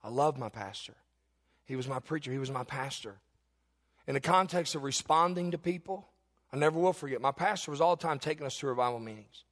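A man preaching a sermon as a pastor, telling a personal story and building to fervent, shouted exhortation. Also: mid-range voice, lively intonation, brisk, long reverb tail.

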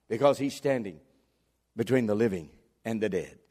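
A man preaching a fervent sermon as pastor, swinging from near-shouts down to low, quiet lines. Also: expressive, moderate pace, pauses often. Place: church sanctuary. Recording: long hall reverb.

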